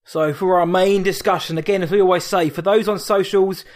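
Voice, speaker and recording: A man's voice: sits high, steady tone, brisk, soft background music. A man from the UK co-hosting a podcast in a jokey, upbeat way. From United Kingdom. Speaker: podcast co-host. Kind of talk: casual chat.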